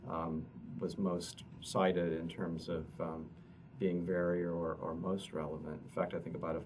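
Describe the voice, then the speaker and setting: A man, an economist, explaining survey results at a press conference in a halting way, often repeating words. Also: low-pitched, flat delivery. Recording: distant mic with noticeable noise.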